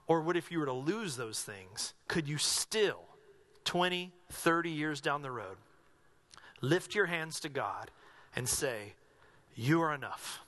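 High, bright-voiced preacher man. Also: animated, measured pace. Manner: earnest, asks the congregation question after question. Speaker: pastor. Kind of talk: sermon.

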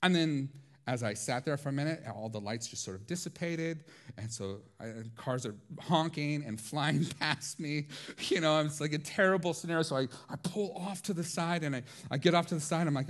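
A man preaching a sermon, telling stories in a lively, laughing way. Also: fairly high pitch, moderate pace. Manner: animated storytelling with frequent laughs. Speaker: pastor.

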